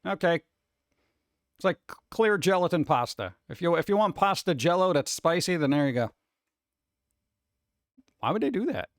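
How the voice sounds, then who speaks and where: A man's voice: on the high side, animated, moderate pace, pauses often, no echo, clean studio sound. Rambling, jokey man streaming. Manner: rambling, jokey, sarcastic asides. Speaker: livestream host. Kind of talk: casual livestream chat.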